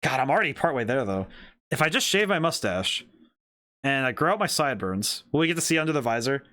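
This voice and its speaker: A man's voice: medium pitch, sing-song, fast talker, bright, forceful tone. A man giving casual, joking gameplay commentary as a streamer, self-deprecating and chatty.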